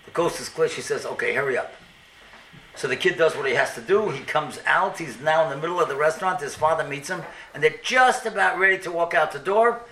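A man giving a storytelling sermon, animated and acting out the dialogue. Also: fairly high pitch, fast, hardly any pauses, slight background noise. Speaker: speaker. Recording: echoey room, mic at a distance.

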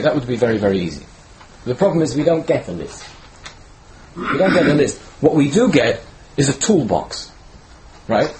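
A teacher giving a Torah talk delivers an informal, conversational sermon, frequently checking in with "right?" and restarting words as he hunts for them. His medium-pitched voice is very animated at normal speed, with long pauses, over a noisy background.

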